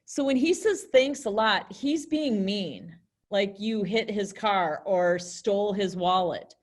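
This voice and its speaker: A woman's voice: mid-range voice, takes it slowly, darkish tone. A young woman teaching an online class in a chatty way, acting out example phrases in different tones. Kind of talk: virtual classroom lesson.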